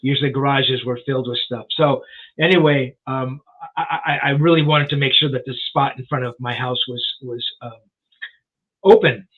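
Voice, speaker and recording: A man's voice: mid-range voice, steady tone, normal speed. Chatty older man on a tinny line. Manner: rambling, full of "you know" and restarts. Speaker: guest rock journalist and author. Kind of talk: casual storytelling in a live interview.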